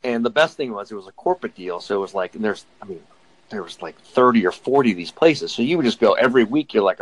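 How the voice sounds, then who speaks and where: An ordinary man talks casually as a guest, filling his stories with likes and ums. His tone is relaxed and conversational. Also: lowish voice, quick pace, poor audio. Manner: chatty, lots of likes and fillers. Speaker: guest, former mascot.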